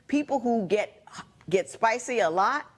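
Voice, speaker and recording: A woman's voice: a little high, lively intonation, unhurried. A woman, a TV court judge giving blunt, folksy advice to a couple.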